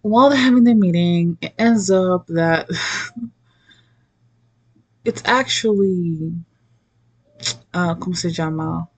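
A woman casually recapping a movie in an animated, profane rant, often acting out what people said. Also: lowish voice, slow pace, pauses often. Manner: animated, profane, laughs often, acts out quotes.

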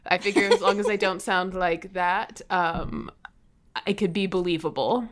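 A woman's voice: fairly low pitch, moderate pace. A woman chatting casually as a player on a tabletop game show, speaking in an offhand, frank way and swearing freely. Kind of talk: casual chat.

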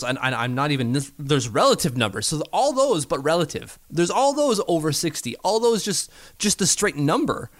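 A man's voice: fairly high pitch, no echo, clean studio sound. A man co-hosting a casual sports podcast, chatty and rambling, often restarting his sentences. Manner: chatty, rambling, self-correcting. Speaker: podcast co-host.

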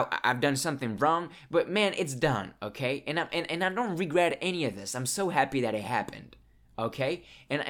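A man's voice: mid-range voice, fairly bright tone. Young male vlogger, emotional and rambling, heavy swearing, mid-range voice. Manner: emotional, rambling, swears often, many restarts. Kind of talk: casual monologue to camera.

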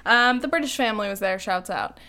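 A woman's voice: mid-range voice, expressive, fairly quick, bright, forceful tone. A young adult woman co-hosting a podcast in casual chat, chatty and giggly, with lots of ums and likes. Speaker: podcast co-host.

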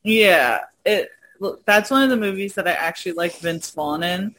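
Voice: medium pitch, moderate pace, sharp tone. A speaker in casual chat, enthusiastic, swearing casually and laughing often. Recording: faint background noise.

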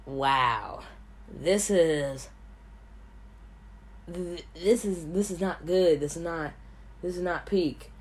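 A woman voicing a dismissive young male critic in a lowered, drawling voice. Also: takes it slowly, pauses often, breathy edge. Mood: disappointed.

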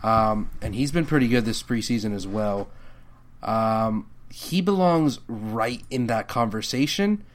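Give me a relaxed male podcast co-host musing in casual chat. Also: lowish voice, measured pace. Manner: laid-back, hedging with fillers.

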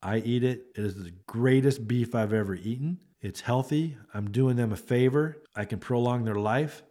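A man's voice: mid-range voice, normal speed, warm tone. A man, a beef rancher hosting a podcast, talking in a casual monologue with an earnest, repetitive, salesman-like manner.

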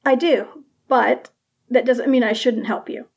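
A woman voicing a gentle young woman from myth in a kind, earnest way. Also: on the high side, unhurried, gravelly, breathy edge, highs cut off, full character voice.

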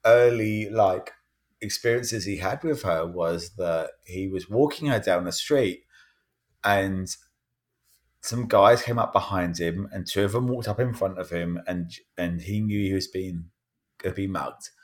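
A man's voice: deep voice, a little slow. A man in casual podcast chat, telling a rambling anecdote and acting out the quotes. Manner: rambling storyteller, animated retelling with quoted voices. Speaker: podcast panelist.

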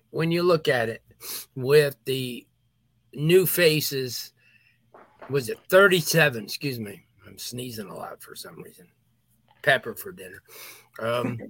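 Guy on a sports podcast, punchy and emphatic, bright voice, dry close sound. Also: mid-range voice, no echo. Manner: emphatic, talks through sneezes and throat clearing. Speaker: podcast co-host. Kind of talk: casual sports chat.

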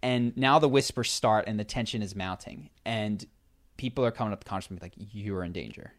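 A man telling a long story in a casual chat, animated, with many fillers and restarts. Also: lowish voice, fairly quick.

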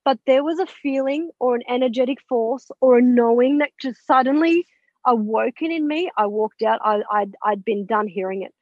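High-voiced woman retelling a story. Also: moderate pace, dry recording. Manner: animated, acts out quoted dialogue, blunt with mild swearing. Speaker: interview guest, author and spiritual mentor. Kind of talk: conversational storytelling. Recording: dull, dry lo-fi audio.

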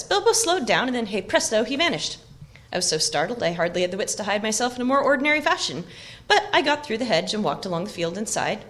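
A woman voicing a clever, loyal young male hobbit in an audiobook reading, brisk and confiding. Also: medium pitch, a bit bright, voice pushed up.

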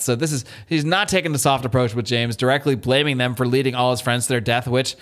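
Male podcast co-host, mid-pitch, casual and animated recap voice. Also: fast talker, hardly any pauses. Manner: animated retelling, acts out quotes. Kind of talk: casual comic book discussion.

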